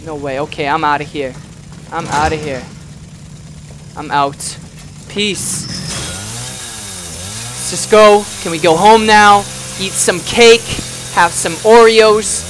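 A man doing loud, excitable let's play commentary, swearing and yelling at the game. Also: high-pitched, takes it slowly, long pauses, slight background noise. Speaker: gamer. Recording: music playing underneath.

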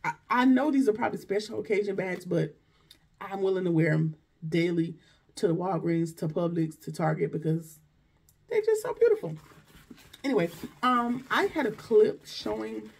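A woman's voice: fairly low pitch, normal speed, creaky, a little mellow, breathy edge. A woman vlogger chatting casually through a shopping haul, gushing and exclaiming over each item. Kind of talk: casual unboxing chat.

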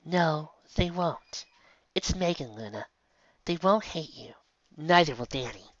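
A woman voicing a gentle, caring elder princess pony mare in a soft, soothing voice, recorded dull and lo-fi. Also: deep voice, lively intonation, normal speed, no room sound.

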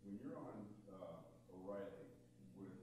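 A man's voice: sits low, animated, slow, noisy background. A man in the audience asking questions at a live Q&A, a bit hesitant and curious.

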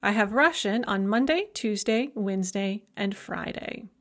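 A woman language instructor giving a recorded lecture, explaining grammar methodically and modeling example phrases slowly and carefully. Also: medium pitch, animated.

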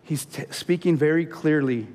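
A man's voice: moderate pace, darkish tone. A man preaching a sermon as pastor, talking in a conversational way and often checking in with his listeners. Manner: conversational preaching, often asks the crowd "right?"; rises to an emphatic, high-pitched peak when urging the men. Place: church sanctuary. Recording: long hall reverb in a church.

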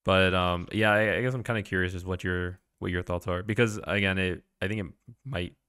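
A man hosting an interview, asking questions in a hesitant, halting way with many fillers. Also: low-pitched, steady tone, fairly bright tone, smooth. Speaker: interview host. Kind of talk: casual interview chat.

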